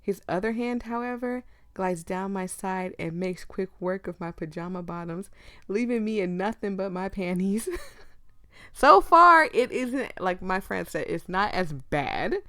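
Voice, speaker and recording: A woman's voice: medium pitch, a little slow, bright, forceful tone, no room sound, studio quality. A young woman reading a visual novel aloud with her own commentary, often breaking into giggles. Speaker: gaming video creator.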